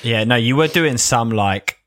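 A man's voice: medium pitch, lively intonation, fast, a bit bright. A man co-hosting a casual podcast, bantering bluntly and swearing easily. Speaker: podcast co-host. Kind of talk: casual chat. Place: shed.

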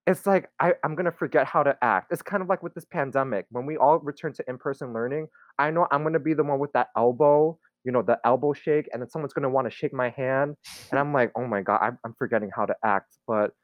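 A man's voice: mid-range voice, quick pace, no echo, lo-fi sound. Young man rambling in casual chat. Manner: rambling, loose, heavy on fillers.

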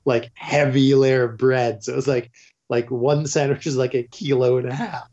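A man's voice: medium pitch, fairly even intonation, normal speed, a little mellow, lo-fi sound. A man guest telling a long story in a casual, rambling way, full of fillers. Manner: rambling, filler-heavy with frequent "like".

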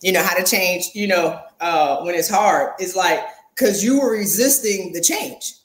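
A woman's voice: on the low side, unhurried, roomy sound, poor audio. A woman hosting and coaching on a podcast, talking in an informal, teasing way. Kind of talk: casual interview chat.

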